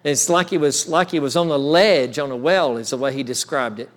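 A man's voice: mid-range voice, fairly even intonation, fairly quick. A male pastor telling a story in a sermon, with frequent restarts that build in intensity. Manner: storytelling, many restarts, rises in intensity when recounting.

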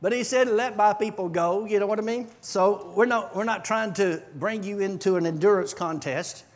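A high-pitched man speaking at a moderate pace shares his testimony with a church congregation during a service. He tells the story in an animated way, breaking into shouts and laughter.

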